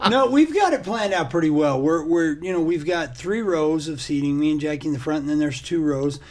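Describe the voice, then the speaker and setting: A man's voice: on the high side, a little fast. A middle-aged man co-hosting a podcast, chatting casually and telling stories animatedly with frequent laughter. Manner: animated storyteller, laughs often. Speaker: podcast co-host. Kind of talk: casual chat.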